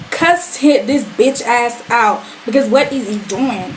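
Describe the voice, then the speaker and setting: Woman, sassy reviewer, animated slangy talk, higher voice, noticeable background noise. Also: takes it slowly, hardly any pauses. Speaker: series reviewer. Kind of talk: casual reaction review.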